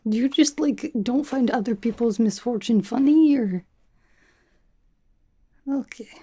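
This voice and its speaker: A young woman voicing a brash, teasing female spy who interviews a recruit, in whispered role-play with a soft, half-whispered, rambling way of talking. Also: on the high side, slow, husky. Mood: playful teasing. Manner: teasing, chatty, self-absorbed, drops articles. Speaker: ASMR creator.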